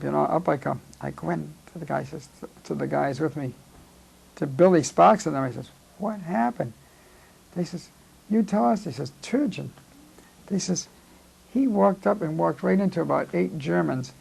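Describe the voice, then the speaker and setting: A veteran in his nineties tells his story in a rambling oral-history style. His voice is heavily gravelly and a touch high for a man. He keeps slipping into the voices of the people he quotes. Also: a little mellow, low-quality recording. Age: 90s. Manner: rambling, acts out quoted dialogue. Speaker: war veteran.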